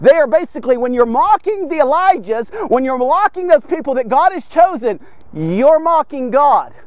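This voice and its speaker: A man's voice: extremely high pitch, sing-song, normal speed, a little mellow, lo-fi sound. A man preaching a devotional podcast sermon, fervent and emphatic, asking and answering his own rhetorical questions.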